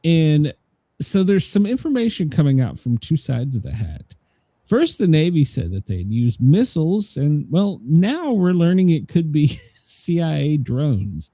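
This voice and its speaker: A man's voice: on the high side, very animated, unhurried, dark tone, no echo. A man hosting a casual news commentary show, rambling with many fillers and laughing at his own jokes. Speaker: show host.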